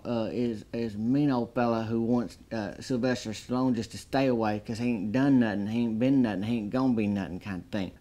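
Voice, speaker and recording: A man's voice: mid-range voice, darkish tone. Folksy man hyping a movie. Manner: folksy drawl, exaggerated hype. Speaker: movie reviewer. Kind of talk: deadpan comedic movie review.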